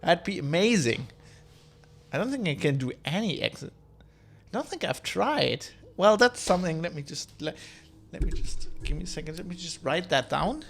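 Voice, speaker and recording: A man's voice: fairly high pitch, animated, normal speed, creaky, a bit bright. A man streaming a video game, rambling, joking and reading game text aloud. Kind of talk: casual let's-play commentary.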